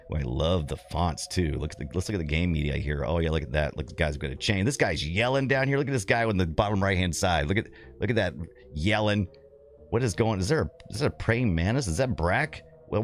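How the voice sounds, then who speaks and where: Rambling middle-aged man, deep voice, casual game-stream chat, laughs often.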